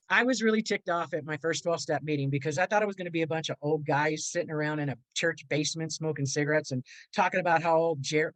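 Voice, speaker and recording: An older woman, a guest on a video call, telling her life story in a lively way, acting out the voices she quotes and laughing often. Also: low-pitched, no echo, low-quality recording. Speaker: guest speaker. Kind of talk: animated personal storytelling.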